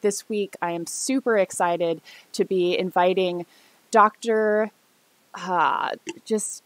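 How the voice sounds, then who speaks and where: A young woman hosting a casual science interview over a video call, bubbly and excitable as she introduces her guest. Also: lowish voice, slow pace, dry recording. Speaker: host.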